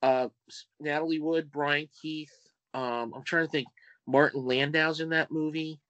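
A man guesting on a film podcast, talking deliberately and reeling off cast names and film facts. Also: a little high, steady tone, a bit bright, no room sound, lo-fi sound. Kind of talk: casual film chat.

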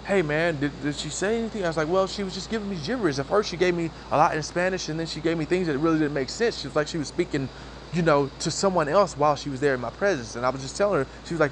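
Man vlogging outdoors with faint traffic noise behind him; lively storyteller who repeats words, voice on the higher side. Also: fast. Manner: animated, repeats words while telling a story. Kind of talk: casual storytelling monologue.

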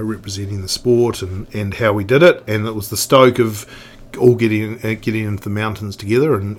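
A man, talking in a loose, rambling way, circling back and restarting his sentences. His voice sits a little low. A faint hum of background noise runs under the recording. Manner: rambling, many restarts and swearing. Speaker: guest. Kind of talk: casual storytelling chat.

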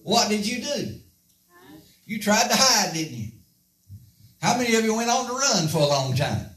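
A man's voice: sits high, sing-song, moderate pace, a bit bright. A man preaching a sermon in a folksy way, quizzing his congregation with rhetorical questions. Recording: echoey room from a distant mic.

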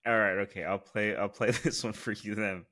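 A man's voice: on the low side, steady tone, brisk, sharp tone. A man co-hosting a podcast in casual banter, playful and often laughing. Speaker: podcast co-host.

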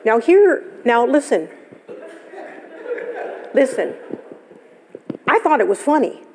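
Woman pastor, sermon, gravelly voice, storytelling, long church reverb. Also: high-pitched, big pitch swings, slow pace, a little mellow. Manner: storytelling, conversational, laughs often. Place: church sanctuary. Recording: live church service, long hall reverb.

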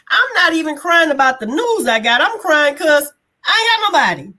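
Woman guest, lively colloquial storyteller, acts out dialogue, pitch a bit high. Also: brisk. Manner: laughs while telling. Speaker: guest sharing a testimony. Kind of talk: casual storytelling chat.

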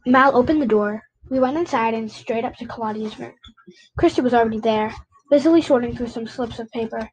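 A woman's voice: on the high side, brisk, low-quality recording. A woman reading a children's novel aloud, with slips and rereads as she goes. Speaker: reader.

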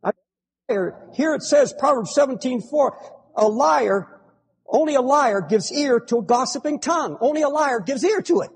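A man preaching a fervent sermon, swinging between pleading cries and hushed, grave tones. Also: very high voice, animated, moderate pace, husky. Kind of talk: impassioned sermon. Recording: long hall reverb.

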